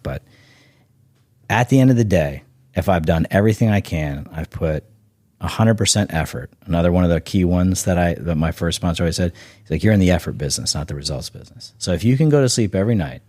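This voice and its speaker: Low-voiced man, emphatic and rambling. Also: a little mellow, husky, no echo. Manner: emphatic, restarts and repeats words; swears casually. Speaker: guest, snack bar founder. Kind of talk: casual podcast chat.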